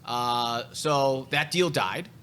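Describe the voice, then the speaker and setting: A man's voice: medium pitch, drawn-out words, sharp tone, slight background noise. A man hosting a casual podcast chat, telling real estate stories in a blunt, profane way.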